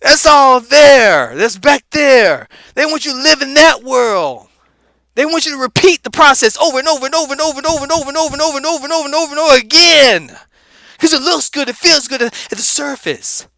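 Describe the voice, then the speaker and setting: A man puts on a laid-back, street-talking comedic guy with a very high, bright, forceful voice. He preaches in an animated way and spits out strings of repeated words. The sound is dry and close. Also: normal speed, vocal fry, dry recording, heavily acted. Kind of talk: animated motivational rant.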